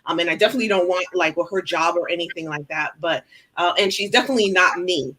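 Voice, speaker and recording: A woman's voice: fairly low pitch, fast, bright, forceful tone. A woman in her thirties speaking as an author on a video-call panel, chatty and rambling, with frequent fillers. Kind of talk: casual panel discussion.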